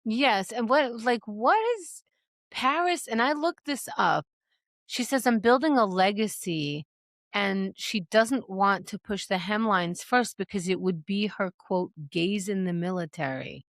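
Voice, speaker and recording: A woman co-hosts a podcast in a casual, animated way, laughing often and acting out imagined quotes. Her voice sits at a middle pitch, and the sound is dry and close to the mic. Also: unhurried, no echo. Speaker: podcast co-host. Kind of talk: casual chat.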